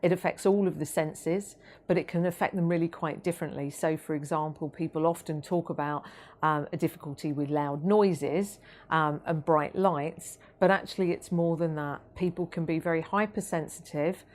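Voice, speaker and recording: Low-voiced woman explaining patiently. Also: steady tone, a little mellow. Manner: measured, with frequent ums and restarts. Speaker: autism awareness trainer. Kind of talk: explanatory training talk.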